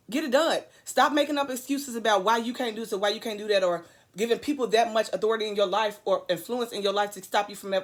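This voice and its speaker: A woman giving an earnest, preachy motivational talk to camera, hammering points home with repetition and drifting into rambling asides. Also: on the high side. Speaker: vlogger.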